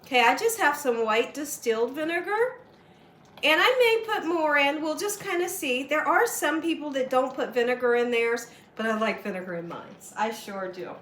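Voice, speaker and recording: Woman cooking show host, high voice, chatty, echoey kitchen. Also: animated, moderate pace, fairly bright tone, a little hiss or hum. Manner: chatty, coaxing, frequent "okay?" and "right?" check-ins. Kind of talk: home cooking demonstration. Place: home kitchen.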